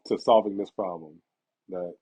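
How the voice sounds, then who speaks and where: A man's voice: moderate pace, husky. A young man hosting a casual chat, telling personal stories with laughter and acting out the people in them. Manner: animated, laughs through stories, acts out quotes in a higher voice. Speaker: podcast host. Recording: dull lo-fi sound.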